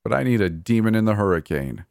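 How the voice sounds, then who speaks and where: A man doing a mocking killer brother who taunts with cold cheer, his voice pitched a little higher than a low speaking tone. The sound is close and dry. He sneers through his lines in a horror story. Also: expressive, quick pace, vocal fry, darkish tone, no echo. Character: mocking murderous adult brother, cold and gleeful.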